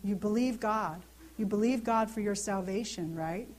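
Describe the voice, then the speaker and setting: With a mid-range voice at a moderate pace, a woman in her thirties holds a handheld mic for an informal Bible teaching. She talks earnestly and conversationally, checking in with listeners through frequent questions.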